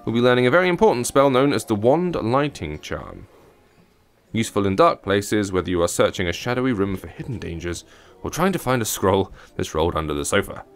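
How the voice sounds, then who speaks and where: A man's voice: fairly low pitch, expressive, a little fast, smooth. A man reading as a formal wizard professor. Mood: instructive. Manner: formal, instructive classroom address. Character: small male wizard professor teaching a class.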